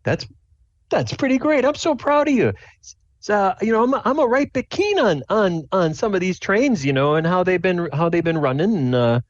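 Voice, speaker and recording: A man's voice: sits high, lively intonation, normal speed, dry recording, voice pushed up. A man voicing a proud, chatty middle-aged father with a raised voice. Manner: chatty, keen, stammering. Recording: dull lo-fi sound.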